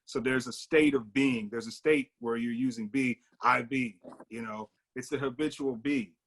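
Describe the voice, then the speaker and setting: A man's voice: medium pitch, steady tone, moderate pace, fairly bright tone. Thoughtful man leading a discussion. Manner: thoughtful, many fillers and restarts. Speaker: discussion leader. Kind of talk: casual book discussion.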